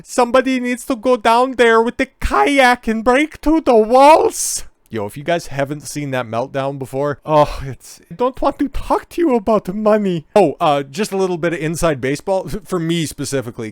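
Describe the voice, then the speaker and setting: A man's voice: mid-range voice, clean tone, dry recording. A young man ranting sarcastically and crudely about public figures, with mocking asides. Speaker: political commentary host. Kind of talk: casual rant commentary.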